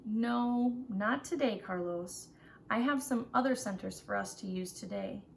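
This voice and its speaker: Woman doing a peaceful male captain, gentle, patient, slow, gravelly edge. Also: on the high side, slight background noise. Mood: gentle, firm. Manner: soothing, patient reassurance.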